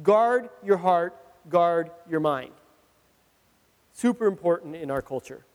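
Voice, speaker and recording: Male pastor, high pitched, chatty and animated delivery, long hall reverb. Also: slow. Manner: animated, conversational, laughs at himself. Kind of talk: sermon with personal storytelling.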